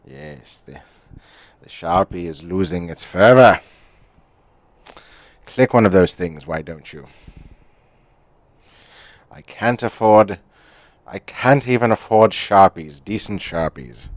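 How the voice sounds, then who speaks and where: A man's voice: sits low, lively intonation, slow pace, pauses often. Sarcastic, ranting male cartoon critic. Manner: sarcastic, ranting, self-mocking asides. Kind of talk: opinionated review monologue.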